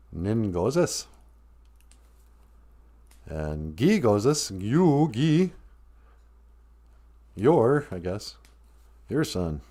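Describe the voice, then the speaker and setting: A man's voice: fairly low pitch, darkish tone. A man from northern Minnesota hosting a live stream, teaching words and joking playfully as he goes. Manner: playful, joking, laughs often. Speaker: language and culture teacher, host.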